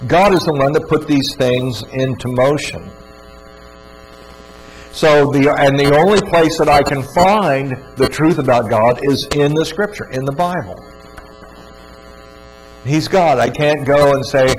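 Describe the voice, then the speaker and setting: A man with a medium-pitched voice gives an earnest, emphatic religious teaching talk, speaking slowly with frequent pauses and repeating words for stress. The audio is poor, with a faint mains hum.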